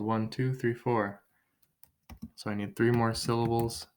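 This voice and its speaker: A man's voice: medium pitch, level tone, unhurried, long pauses, slight background noise. A man teaching an online writing lesson from his kitchen table, thinking aloud and counting syllables as he drafts.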